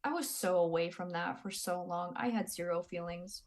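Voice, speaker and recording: A woman's voice: lowish voice, moderate pace. A woman in her twenties, a podcast guest, talking candidly in a blunt, profane way. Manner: blunt and profane, acts out quoted people. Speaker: podcast guest, Army veteran. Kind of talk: candid casual storytelling.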